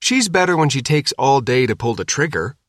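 A man's voice: medium pitch, sing-song, fairly quick, fairly bright tone, no echo, clean studio sound. A man voicing a brash, sarcastic teenage girl who snarls back. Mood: snarky.

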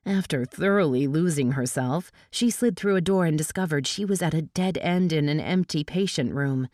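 Low-voiced woman reading a novel aloud. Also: normal speed, hardly any pauses, no echo, clean studio sound. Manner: steady, even storytelling with lively dialogue voices. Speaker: audiobook reader. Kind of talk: scripted audiobook narration.

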